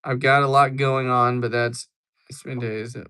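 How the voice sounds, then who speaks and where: A man's voice: medium pitch, flat delivery, measured pace, pushed and bright, smooth. A young man hosting a livestream, chatting casually and joking as he answers viewers. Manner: joking, rambling replies to chat. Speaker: livestream host.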